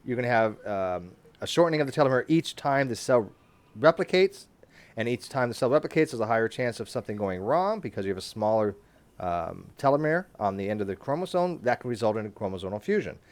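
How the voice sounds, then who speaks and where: Fast-talking man hosting a hangout. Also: medium pitch, lively intonation. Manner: fast talker, reads from notes. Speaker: channel host. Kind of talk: casual live hangout chat.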